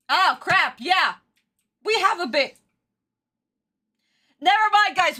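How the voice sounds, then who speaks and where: A woman's voice: extremely high pitch, animated, takes it slowly, pauses often, sharp tone. A young adult woman streaming an episode reaction, ranting and swearing in exasperated outbursts. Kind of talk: casual livestream reaction.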